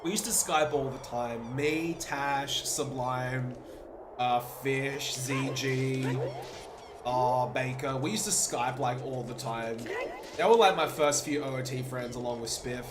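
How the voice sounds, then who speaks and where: A young man with a mid-range voice, steady tone and slow pace chats casually and upbeat with viewers while streaming a speedrun, breaking into bursts of laughter. Game music plays in the noisy background.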